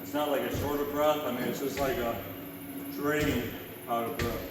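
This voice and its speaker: A man's voice: medium pitch, steady tone, normal speed, background noise. Winded man on a stair machine, echoey. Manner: tired, blunt and self-motivating. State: out of breath. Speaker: fitness vlogger. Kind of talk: self-talk while exercising. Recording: echoey room, voice far from the mic.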